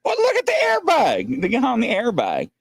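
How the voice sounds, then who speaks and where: A male host chats casually, rambling and filling pauses while he searches for clips. His intonation moves around a lot. The sound is dry and close. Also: very high-pitched, wildly swooping pitch, gravelly, husky, dry recording. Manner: rambling with many fillers. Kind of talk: casual show chat.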